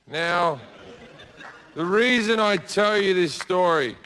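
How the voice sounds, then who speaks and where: A man telling a crude story as a stand-up comedian on a theatre stage, with deadpan asides and shouted put-on voices. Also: high-pitched, takes it slowly, clear, resonant tone. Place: theatre stage before a laughing audience.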